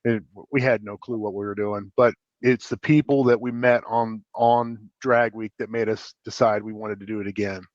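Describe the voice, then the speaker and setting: A man's voice: on the low side, fairly even intonation, normal speed, few pauses, no room sound. Man with a dull, dry sound.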